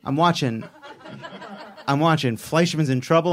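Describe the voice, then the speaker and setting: A man's voice: mid-range voice, lively intonation, brisk. Man, mid-range voice, sarcastic mock outrage, comedic podcast monologue, emphatic bursts. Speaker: podcast co-host. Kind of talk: comedic monologue, casual chat.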